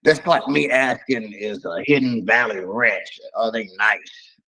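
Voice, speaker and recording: A man's voice: on the low side, a little slow, bright, forceful tone, rough recording. A man in casual podcast banter, blunt and dismissive, with a drawling way of talking.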